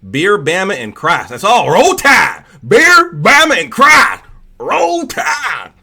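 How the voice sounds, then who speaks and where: A boastful good-ol'-boy country singer from Texas, as a man puts on a hammy Texan drawl. He sounds bright and forceful, swings his pitch all over, and gets loud and high when he hollers his slogans. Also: wildly swooping pitch, takes it slowly, gravelly, exaggerated voice. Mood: rowdy. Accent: put-on Texan drawl.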